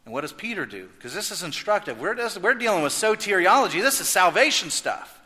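Man, pastor, sermon, bright tone, echoey hall, loud-to-hushed swings. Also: high voice, a little fast. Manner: animated, swings from loud emphasis to hushed intensity.

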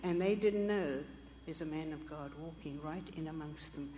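A woman's voice: low-pitched, normal speed, mellow, a little hiss or hum. Older woman preaching in echoing hall. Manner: vivid storytelling, acting out quoted voices. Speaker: missionary speaker. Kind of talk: sermon testimony storytelling. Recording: echoey hall with long reverb.

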